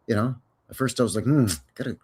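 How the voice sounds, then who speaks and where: A man's voice: medium pitch, fast, a little mellow, husky. A man hosting a casual live stream, chatting in a folksy, rambling way with jokes and cowboy slang.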